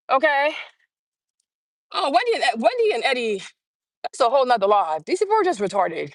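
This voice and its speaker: A woman in her forties with a high voice talks straight to her phone on a casual live stream. She is blunt and animated, and she hammers her points home by saying them twice. The sound is close and dry, with no room around it. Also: fairly quick, long pauses, dry recording. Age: 40s. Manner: blunt, animated, repeats phrases for emphasis.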